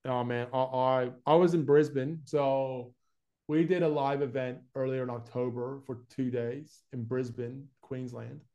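Speaking unhurriedly in a mid-range voice, a YouTube ad specialist from Florida sits in as a relaxed, talkative interview guest. He's young, with an accent that's part American and part Australian, leans heavily on "like" and "man," and the audio has its high frequencies cut off.

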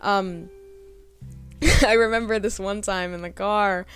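A woman's voice: medium pitch, fairly even intonation, slow, a bit bright, soft background music. A young woman hosting a podcast, telling a personal story in a rambling, hesitant way, full of fillers. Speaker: podcast host.

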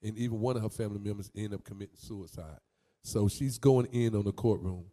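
Animated man commentating over a clip. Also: lowish voice, brisk, big-room sound. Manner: animated, repetitive, stammers and restarts, gets loud and sing-song. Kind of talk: religious commentary on a played clip.

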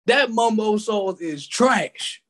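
Animated high-pitched man from DC. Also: slow. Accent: Washington DC area. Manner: animated, slangy, emphatic storytelling. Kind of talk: casual chat.

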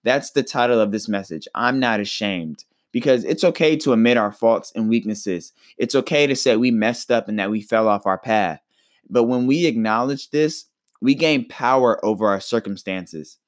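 A man's voice: mid-range voice, moderate pace, dry recording, studio quality. Earnest man giving a podcast sermon. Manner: earnest, reflective, repeats words when restarting. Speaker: podcast preacher.

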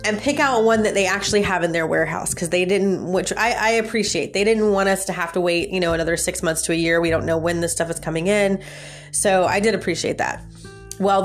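A woman casually telling her viewers a story, her voice jumping up in pitch and breaking into laughs as she relives the outrage. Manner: animated, jumps high in pitch when retelling her outrage, laughs often. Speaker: vlogger.

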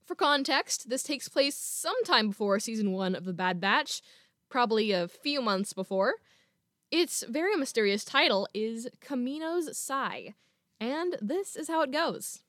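A woman student hosting a podcast, talking chattily and reading a short piece aloud, excitable and playfully self-mocking. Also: fairly high pitch, unhurried, no room sound, studio quality. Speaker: podcast host.

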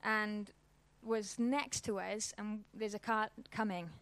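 A woman's voice: mid-range voice, fairly even intonation, slow pace, fairly bright tone, no echo. A woman, giving an informal church talk and telling a personal story in a casual, conversational way. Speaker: church speaker.

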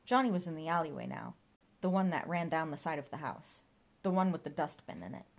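A woman's voice: low voice, brisk, vocal fry. A woman narrating a comic novel in a wry storytelling manner. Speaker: audiobook narrator.

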